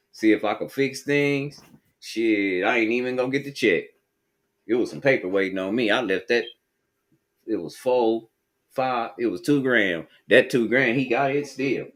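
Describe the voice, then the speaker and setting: A man from Texas with a Texan accent, telling a profane, streetwise story in casual chat. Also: lowish voice.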